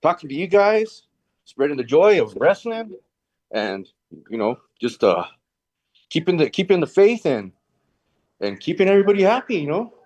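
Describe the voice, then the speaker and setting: A man appearing as a guest on a casual talk show, telling stories in a rambling, lively way. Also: fairly high pitch, moderate pace, pauses often, dry recording, muffled recording. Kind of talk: casual chat.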